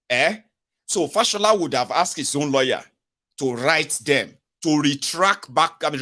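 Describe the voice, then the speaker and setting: A man's voice: fairly high pitch, sharp tone. A man with a Nigerian accent hosting a live-stream political commentary, talking in a mocking way and slipping into pidgin. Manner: mocking, acts out quoted voices, mixes in pidgin. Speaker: host.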